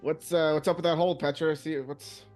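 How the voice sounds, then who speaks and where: A man playing a character in a tabletop game, earnest and a little halting. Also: on the high side, fairly even intonation, darkish tone, faint music behind. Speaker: player. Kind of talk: in-character tabletop role-play.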